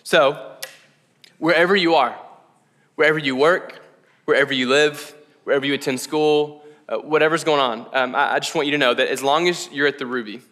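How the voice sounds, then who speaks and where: A young male pastor preaches in a loose, chatty way, full of slang and quick asides. His voice is bright and forceful, pitched a little high. It carries through a large hall with a long reverb. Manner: casual, animated, slangy preaching with frequent "like" and "right?". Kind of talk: sermon. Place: church hall.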